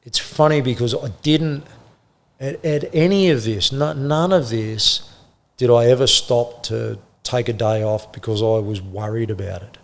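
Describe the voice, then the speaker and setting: A middle-aged man, a former police officer, telling his story in an interview with blunt swearing and halting restarts. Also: mid-range voice, creaky. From Australia.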